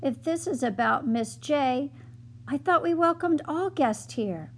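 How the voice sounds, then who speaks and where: An earnest young mouse maid from a storybook, her voice pitched high and bright as she pleads, as a woman reading aloud puts her on. She talks slowly and with urgency. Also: expressive. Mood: pleading.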